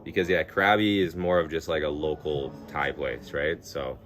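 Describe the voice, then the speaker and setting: A man's voice: rumbling low, steady tone, moderate pace, a bit bright, soft background music. A man live-streaming, chatting casually with viewers in a rambling, laid-back way, swearing freely and laughing through his stories. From Canada. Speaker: livestreamer.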